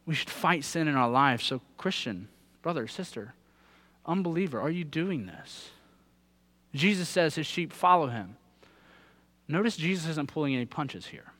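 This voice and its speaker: A man's voice: a little high, fairly bright tone. A man in his thirties preaching a sermon, earnest and putting direct questions to his listeners. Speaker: pastor.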